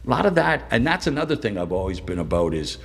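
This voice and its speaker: Gravelly middle-aged man, intense, reverberant room. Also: medium pitch, big pitch swings. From Canada, British Columbia. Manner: intense, emotional, quick swings between loud and hushed. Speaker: podcast guest. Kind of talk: candid interview storytelling.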